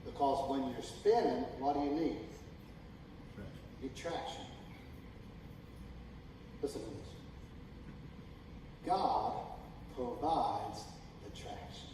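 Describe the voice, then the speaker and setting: Man preaching in an echoey hall. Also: medium pitch. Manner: builds from calm talk to loud, drawn-out shouting; folksy, emphatic preaching. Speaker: pastor. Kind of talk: sermon. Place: church sanctuary. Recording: echoey hall, distant mic, noisy.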